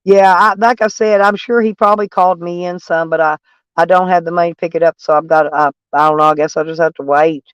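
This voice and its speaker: A man's voice: fairly high pitch, fairly even intonation, quick pace, a bit bright, smooth, no echo, lo-fi sound. Stuffy-nosed man chatting from his van. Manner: rambling, plainspoken, chatty. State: stuffy nose. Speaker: van life vlogger. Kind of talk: casual live chat with viewers. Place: in a van, door open.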